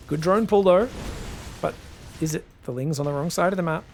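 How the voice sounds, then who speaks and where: A man giving solo esports commentary in a chatty, joking way with excitable asides. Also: a little high, fairly quick, long pauses, faint music behind. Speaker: esports caster.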